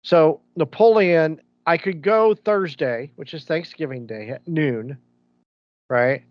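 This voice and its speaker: A man's voice: a little high, takes it slowly, no echo. A man co-hosting a podcast, chatting casually and rambling through stories with many restarts. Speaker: podcast co-host. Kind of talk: casual chat. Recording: dull lo-fi sound.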